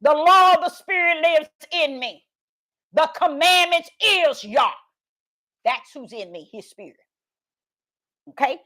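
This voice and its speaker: A high-voiced woman preaches over a livestream. She reads verses aloud and keeps asking her viewers to answer, in a call-and-response way. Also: animated, slow pace, pauses often, bright, forceful tone. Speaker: online preacher. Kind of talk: livestream Bible teaching.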